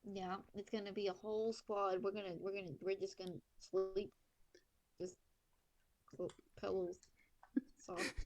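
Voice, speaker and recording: A woman's voice: mid-range voice, level tone, unhurried, long pauses. Giggly, flustered woman player. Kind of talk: casual tabletop game play.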